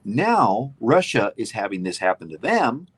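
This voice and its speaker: A man's voice: on the low side, sing-song, unhurried, husky. A man co-hosting a casual political chat show, emphatic and opinionated, rambling with restarts. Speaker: co-host.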